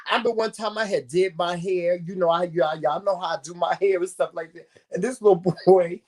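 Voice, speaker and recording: A man co-hosting a talk show, chatting casually with slangy, expressive speech and frequent laughs. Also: high-pitched, a little fast. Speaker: co-host. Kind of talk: casual chat.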